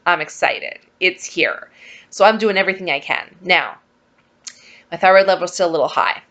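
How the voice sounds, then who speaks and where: Lady vlogging, chatty and animated, voice on the low side. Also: normal speed. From Saskatchewan, Canada. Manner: chatty, animated, acts out quoted dialogue. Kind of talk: casual storytelling vlog.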